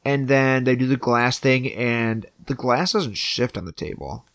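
A man's voice: medium pitch, unhurried, creaky, a bit bright, no room sound. A man talks through a film with a co-host, retelling each scene and slipping into the characters' lines as he goes. His voice sits in a middle register. The sound is dry and close to the mic. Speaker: podcast co-host. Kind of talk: casual film recap chat.

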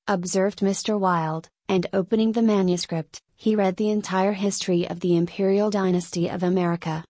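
A woman narrating an audiobook in a steady, measured reading voice. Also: medium pitch, dry recording.

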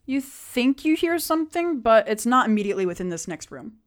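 A woman's voice: fairly high pitch, sing-song. Woman narrating as game master. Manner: descriptive, halting with fillers.

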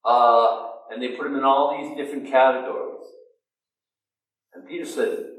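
A man's voice: normal speed, long pauses. Preacher man in an echoey hall. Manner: animated storytelling, acting out quoted voices with big pitch jumps. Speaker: pastor. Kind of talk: sermon. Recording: echoey room, distant mic.

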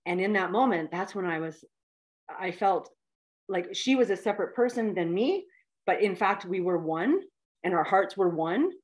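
A woman in her fifties tells a personal story as an interview guest, heartfelt and animated. Her voice sits at a middle pitch, and she leans on fillers as she talks. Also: moderate pace. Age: 50s.

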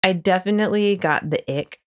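A woman's voice: mid-range voice, a little fast. A woman co-hosting a podcast, giving wry, sarcastic commentary in casual chat. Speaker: podcast co-host.

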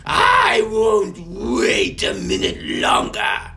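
A man voicing a centuries-old, cruel villainous sister who shouts shrilly and impatiently in a storybook reading. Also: high-pitched, wildly swooping pitch, very slow, vocal fry, pitched above the performer's own voice, full character voice. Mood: shrill impatient. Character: shrieking ancient dragon-like sister, impatient and cruel.

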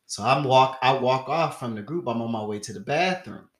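A young man co-hosting a casual podcast, animated as he tells a story and does the other people's lines. His voice sits mid-range, and the room around him echoes. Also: mid-range voice, moderate pace. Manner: animated, acts out quoted voices loudly. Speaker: podcast co-host.

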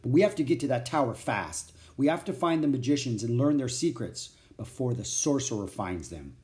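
A careful young boy speaks earnestly, worry edging his words, voiced by a man reading a storybook. His delivery moves with lively pitch. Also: moderate pace, close to an everyday voice. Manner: earnest, a bit worried. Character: cautious thoughtful young boy.

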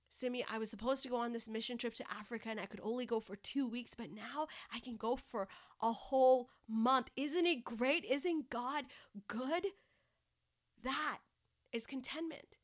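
A woman in her thirties hosting a faith-based podcast, speaking earnestly and encouragingly, sometimes dropping to a soft breathy emphasis. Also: a little high. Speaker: podcast host.

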